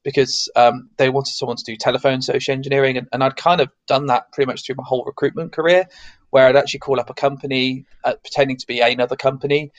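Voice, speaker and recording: A man's voice: mid-range voice, little pitch movement, fast talker, no echo, muffled recording. A man from the south of England with a neutral English accent, chatting as an interview guest and rambling with many restarts. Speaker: guest, security consultant. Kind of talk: casual interview chat.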